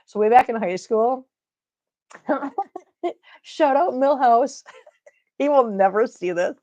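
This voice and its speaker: A woman's voice: a little high, a little mellow, lo-fi sound. A middle-aged woman with an Upper Midwest American accent, chatting casually on a live stream, laughing often and reading viewer comments aloud.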